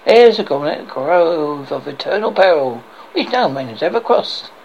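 A man voicing an ominous old man over sixty speaking slow warnings, on a dull lo-fi recording with faint hiss. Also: on the high side, lively intonation, creaky, a little mellow. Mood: foreboding. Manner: slow, foreboding. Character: ominous old male keeper of secrets.

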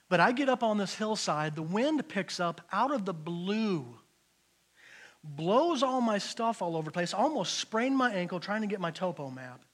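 Man, high voice, bright tone, animated church testimony, repeats himself. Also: a little slow. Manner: animated, repeats words while telling a story. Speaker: church member giving testimony. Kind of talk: personal testimony storytelling.

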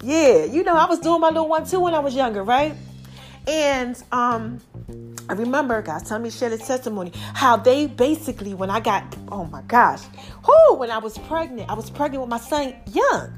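A woman hosting her own podcast, sharing a personal testimony in a casual, expressive, preachy way and talking straight to her listeners. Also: fairly high pitch, normal speed, soft background music. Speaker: podcast host.

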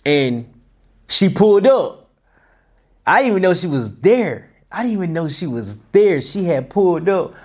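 A man tells a personal story in a loose, animated style. His voice sits a little high, and he restarts lines and repeats himself as he talks. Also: a little slow. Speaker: host.

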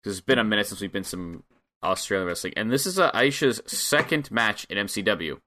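A man's voice: lowish voice, expressive, brisk, bright, forceful tone. A man co-hosting a casual podcast, laid-back and wry, recapping with plenty of filler words. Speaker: podcast co-host.

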